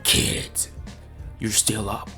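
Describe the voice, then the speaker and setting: A man's voice: extremely slow, bright, forceful tone, soft background music. A man doing a taunting old pirate queen. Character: huge, scornful old female pirate queen.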